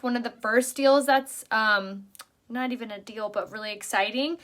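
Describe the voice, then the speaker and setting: A middle-aged woman with a high-leaning, sharp voice hosts a casual makeup live stream. She's bubbly and chatty, greeting viewers, but she's tired from a late night and keeps yawning.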